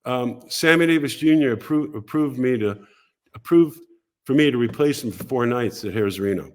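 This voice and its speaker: An older man, a podcast guest, telling animated stories from his career and briefly acting out other people's voices. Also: mid-range voice, normal speed. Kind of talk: casual storytelling interview.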